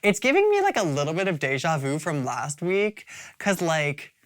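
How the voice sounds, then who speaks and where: Low-voiced woman chatting casually. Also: big pitch swings, moderate pace. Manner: chatty, swearing, frequent "like" and "you guys". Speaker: host of a drag show review. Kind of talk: casual video review.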